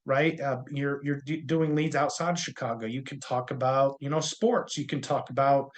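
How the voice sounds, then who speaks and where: A man's voice: mid-range voice, steady tone, normal speed. A man training insurance salespeople in a casual, conversational way, with a jokey touch of corny humor.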